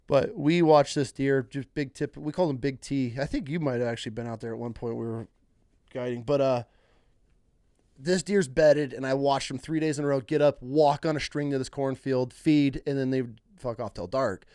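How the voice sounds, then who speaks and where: A young man, a hunting guide, telling stories in casual podcast chat, acting out clients in higher voices and laughing as he goes. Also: normal speed, smooth, no room sound, studio quality. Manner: animated, acts out clients in higher voices, laughs mid-story.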